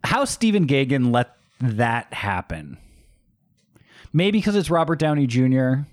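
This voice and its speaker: A man's voice: medium pitch, sing-song, a little slow, no room sound, clean studio sound. A man co-hosting a podcast, talking emphatically and casually about a movie. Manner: emphatic, conversational, frequent fillers. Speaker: podcast co-host. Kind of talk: casual movie review chat.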